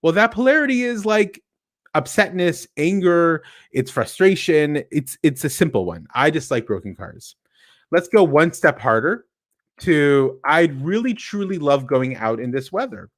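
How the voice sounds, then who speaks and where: At a tech meetup, a man gives a technical talk in an animated, explanatory way, letting his pitch rise and fall freely as he works through one example after another. He asks the audience questions and answers them himself, at an unhurried pace. His voice sounds close and dry, with no echo or room around it.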